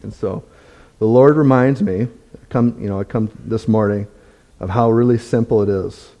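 Mellow-voiced man giving a church testimony. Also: on the low side, steady tone, muffled recording. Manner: candid, self-deprecating, halting with many restarts. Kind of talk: conversational sermon talk.

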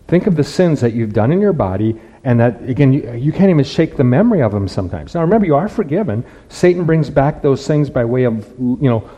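A man's voice: mid-range voice, dark tone, slightly rough, big-room sound, poor audio. A man preaching a conversational sermon as pastor, restarting phrases and asking rhetorical questions.

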